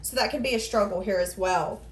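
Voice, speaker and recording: A woman's voice: mid-range voice, brisk. A woman giving a casual tarot reading, rambling and thinking aloud as she goes. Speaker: tarot reader. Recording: echoey room.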